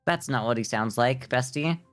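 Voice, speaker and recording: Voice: medium pitch, normal speed, fairly bright tone, faint music behind. A streamer playing a story game live, reading the text aloud, laughing often, and chatting in a self-mocking way with plenty of fillers.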